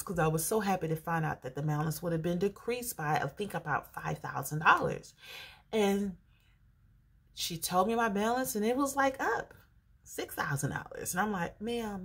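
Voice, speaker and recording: Gravelly-voiced woman telling an animated story. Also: on the low side. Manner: animated, acts out both sides of phone calls. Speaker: personal finance vlogger. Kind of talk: casual storytelling to camera.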